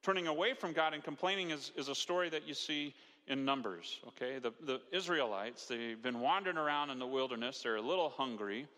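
A man's voice: medium pitch, brisk, sharp tone. A male pastor preaching a sermon in a conversational way, asking rhetorical questions and acting out quotes. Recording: long hall reverb.

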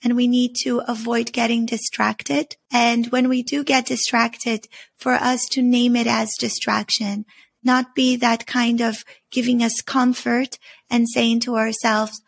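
Earnest woman with a gravelly, husky voice. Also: on the high side, level tone. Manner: earnest, measured, slow deliberate emphasis. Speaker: podcast host teaching on story symbols. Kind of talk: reflective spoken teaching.

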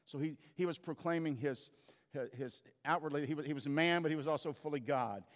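A man's voice: fairly high pitch, brisk, long reverb tail. A man preaching a sermon as a pastor, telling stories in a conversational way with frequent restarts.

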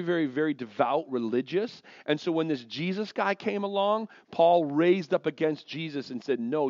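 A man preaching a sermon, telling stories in a lively, joking way and acting out quotes. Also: a little high, dry recording. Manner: lively, jokey storytelling with acted quotes. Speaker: pastor. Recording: dull lo-fi dry sound.

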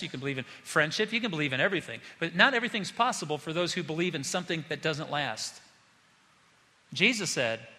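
A man's voice: on the high side, bright, forceful tone. A male pastor preaching an impassioned sermon, acting out the voices he quotes. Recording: long hall reverb.

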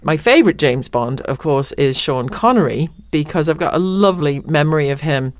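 A woman guest, telling a lively anecdote and acting out the voices of the people she quotes. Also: low voice, moderate pace, no echo, clean studio sound. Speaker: interview guest. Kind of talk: storytelling anecdote.

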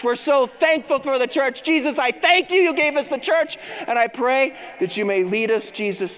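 A man's voice: extremely high pitch, fairly bright tone, slight background noise. A man giving a keynote talk at a large conference, moving from personal storytelling to rousing exhortation. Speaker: keynote speaker. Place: large dome arena before a crowd.

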